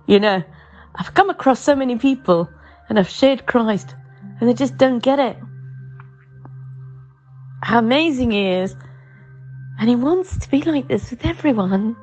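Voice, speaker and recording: A woman's voice: a little high, animated, unhurried, long pauses, darkish tone, muffled recording, faint music behind. A middle-aged woman giving an informal, chatty home sermon in an earnest tone, often calling things amazing. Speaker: preacher.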